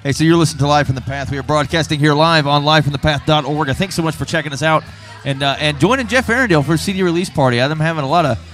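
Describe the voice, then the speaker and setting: A man's voice: fairly high pitch, very fast, few pauses, a bit bright, soft background music. A man co-hosting a live internet broadcast from a café event, chatting in an upbeat, agreeable way. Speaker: webcast co-host. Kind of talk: casual live broadcast chat.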